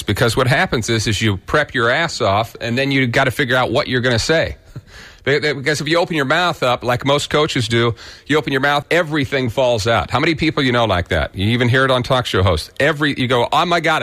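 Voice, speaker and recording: A man's voice: mid-range voice, animated, a little fast, a bit bright. A man from Kansas with a rural Kansas accent, giving blunt, folksy opinion commentary as a radio host.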